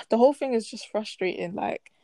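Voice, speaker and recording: A woman's voice: on the high side, moderate pace, dry recording. A young woman co-hosting a podcast, talking bluntly and swearing with exasperation. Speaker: podcast co-host. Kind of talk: casual chat.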